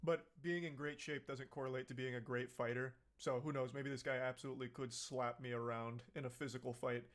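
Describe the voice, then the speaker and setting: A man's voice: medium pitch, fairly even intonation, fairly quick, a bit bright. A man giving sarcastic, mocking reaction commentary on a video clip. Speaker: commentary YouTuber.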